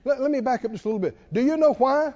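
A man preaching a sermon, emphatic and animated, who laughs at his own asides. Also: very high-pitched, rapid-fire. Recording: long hall reverb, dull sound.

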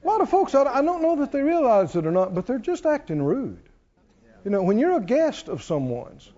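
Animated, high-pitched preacher man. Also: highs cut off. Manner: animated, folksy, often laughing, acts out congregants in low mock voices. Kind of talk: sermon.

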